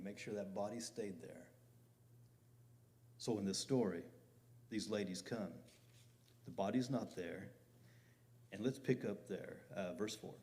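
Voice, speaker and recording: A man's voice: fairly low pitch, mellow. A middle-aged man preaching a conversational sermon as pastor, building to emphatic peaks.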